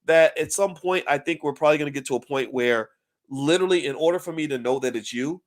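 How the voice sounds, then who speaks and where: A middle-aged man giving casual commentary straight to camera, animated and often repeating words as he works through a thought. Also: a little high, quick pace. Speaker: finance commentator.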